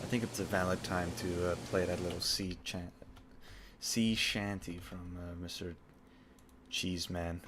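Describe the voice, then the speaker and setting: Slow-talking man streaming a game. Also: low voice, level tone, noisy background. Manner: mumbling to himself, unhurried. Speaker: gaming streamer. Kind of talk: casual live gameplay commentary. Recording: loud accordion music behind.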